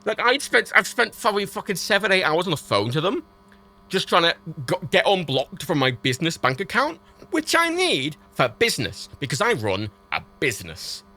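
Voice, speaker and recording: On a livestream, a British man with a high-pitched voice rants at a moderate pace, exasperated and animated, swearing heavily throughout.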